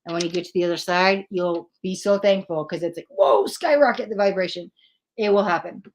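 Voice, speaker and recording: A woman's voice: lowish voice, fairly quick. A young woman hosting a live tarot stream, talking earnestly and with lots of feeling to her chat about letting go of control. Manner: earnest and animated, acts out her own panicked thoughts. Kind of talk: casual spiritual talk to a live chat.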